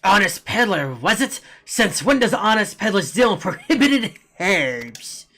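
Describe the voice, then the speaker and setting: A man's voice: high voice, big pitch swings, unhurried, heavily acted. A man doing a barking, bullying town guard. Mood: commanding. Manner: barking orders, loud and menacing. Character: stern male town guard, bullying and threatening. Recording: game music playing clearly behind.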